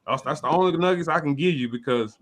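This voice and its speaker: A man's voice: on the high side, quick pace. A man hosting a casual sports interview, laid-back and full of slang as he gives advice. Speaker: host.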